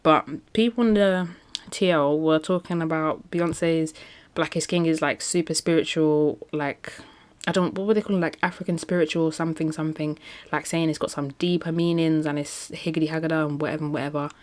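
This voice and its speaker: A woman's voice: low voice, fairly even intonation, fairly quick, a little mellow. A woman talking casually in a solo podcast, chatty and emphatic, often laughing between points. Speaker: podcast host.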